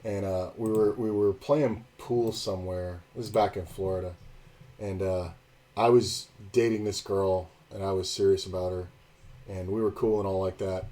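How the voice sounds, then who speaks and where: A man's voice: low-pitched, darkish tone. A man streaming poker and telling a rambling, blunt, profane story in casual chat.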